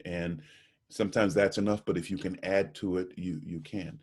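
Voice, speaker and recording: Deep husky man telling stories. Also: moderate pace. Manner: animated storyteller, acts out voices in anecdotes. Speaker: interviewee, jazz trumpeter. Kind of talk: storytelling in a video call interview. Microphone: video call.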